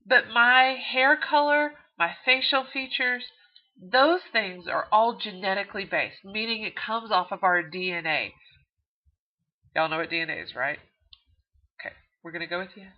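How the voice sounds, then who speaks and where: A woman's voice: medium pitch, normal speed. A woman with a Texan accent, a college instructor giving a chatty recorded video lecture with frequent fillers. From Texas. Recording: dull lo-fi video audio.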